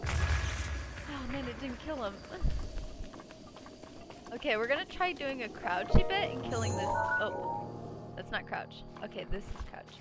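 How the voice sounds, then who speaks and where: A woman's voice: on the high side, lively intonation, slow pace, long pauses. A young woman streaming a video game live, chatting and giggling, cooing at enemies in a baby voice. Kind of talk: live gameplay commentary. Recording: music playing under the voice.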